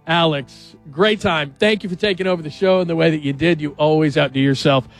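A man's voice: fairly high pitch, fairly even intonation, a little fast, soft background music. A man hosting a radio show in casual, jokey chat and asking his co-hosts questions. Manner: chatty, jokey, asks the others questions.

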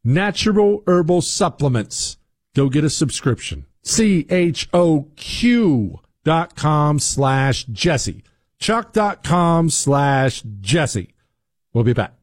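A man's voice: on the high side, sing-song, slow pace, dry recording, clean studio sound. A man in his forties hosting a talk show, giving sarcastic, emphatic opinion commentary. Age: 40s.

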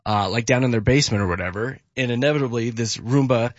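A man's voice: medium pitch, fast talker, no room sound. A man hosting a morning radio show, chatting casually and telling stories on air. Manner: chatty storytelling, lively. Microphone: studio mic. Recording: muffled broadcast audio with faint music.

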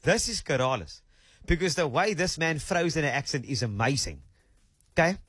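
A South African man hosting a radio show, chatting in a playful, animated way. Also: fairly high pitch, fairly quick, breathy edge, dry recording. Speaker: radio host. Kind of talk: casual radio chat.

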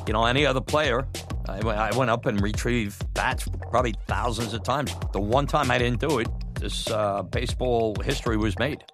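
A middle-aged man telling a personal story, animated and laughing often, acting out what others said. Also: medium pitch, moderate pace. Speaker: storyteller, former batboy. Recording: music bed under voice.

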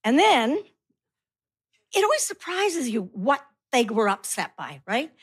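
A middle-aged woman doing a stand-up comedy set, telling animated stories and acting out her kids and herself in shrill voices. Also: measured pace, husky.

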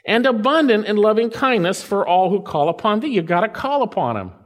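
A pastor preaching a sermon, swinging between loud and soft and slowing down to stretch out quoted scripture. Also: male voice, sits high, very animated, long reverb tail.

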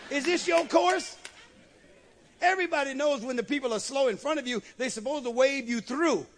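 High-voiced preacher full of amens. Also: male voice, fast talker, fairly bright tone. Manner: emphatic, with frequent amens and storytelling asides. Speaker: bishop and preacher. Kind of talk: sermon.

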